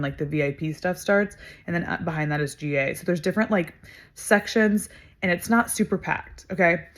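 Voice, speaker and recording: A young adult woman vlogger telling a story to camera in a casual, emphatic way, swearing freely and using lots of fillers. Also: on the low side.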